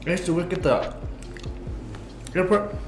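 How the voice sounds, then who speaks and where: A man co-hosting a casual podcast, telling stories in a lively way, swearing freely and acting out what others said. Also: high voice, unhurried, roomy sound, over music. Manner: animated storyteller, swears freely, acts out quoted voices. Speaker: podcast co-host. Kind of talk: casual chat.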